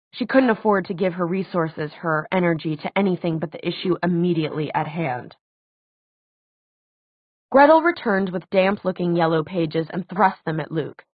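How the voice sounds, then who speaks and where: Reading an audiobook, a woman keeps to a steady, measured storytelling delivery. Her pitch runs low, there's no room sound, and the top frequencies are cut off.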